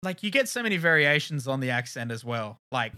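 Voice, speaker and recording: A man's voice: medium pitch, big pitch swings, a little fast, pushed and bright, clear, resonant tone. A young man with a South Australian accent, co-hosting a podcast in casual chat, rambling and laughing as he goes. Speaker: podcast co-host.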